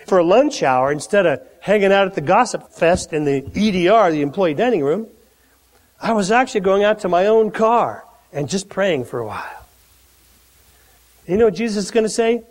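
A pastor preaching a sermon, acting out the Bible characters' lines in a lively, conversational way. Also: male voice, sits high, normal speed. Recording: long hall reverb.

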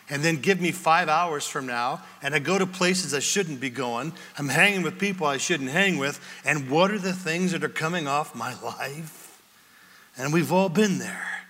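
A man preaching a sermon in a bright, high voice that rings out through a hall with a long reverb. He keeps it conversational and slips in wry humor. He sounds like a pastor talking to his congregation.

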